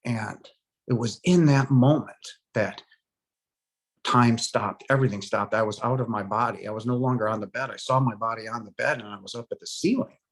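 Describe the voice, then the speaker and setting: A man in his forties giving a personal testimony, earnest and halting, with frequent pauses and fillers, his voice softening into hushed moments. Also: medium pitch. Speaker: near-death experience survivor.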